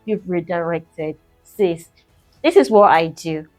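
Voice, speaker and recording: A woman's voice: lowish voice, takes it slowly, darkish tone, soft background music. A middle-aged woman giving a casual mindset coaching talk, chatty and encouraging, addressing the listener as "sis".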